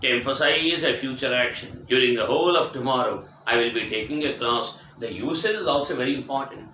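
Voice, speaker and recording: Guy teaching english words, spells em out, bright voice, echoey room w/ faint hiss. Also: mid-range voice, brisk. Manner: spells words letter by letter, asks "Clear?"; repetitive, explanatory. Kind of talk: vocabulary lesson.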